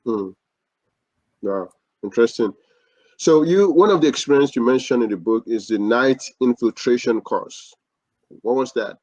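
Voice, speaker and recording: A man's voice: mid-range voice, animated, normal speed, pauses often, a little mellow, no echo. Man hosting a podcast, dull lo-fi sound. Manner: short, polite interviewer prompts. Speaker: podcast host. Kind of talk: podcast interview.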